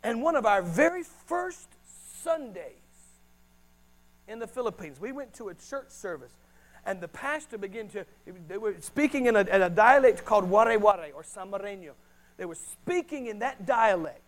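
High-voiced animated male preacher. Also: moderate pace, low-quality recording. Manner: animated preaching, voice swinging from hushed to loud. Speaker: pastor. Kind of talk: sermon.

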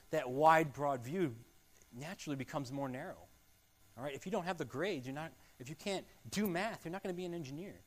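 Man, pastor, sermon, earnest, repetitive, fairly high voice. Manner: earnest, repetitive, rising and falling loudness.

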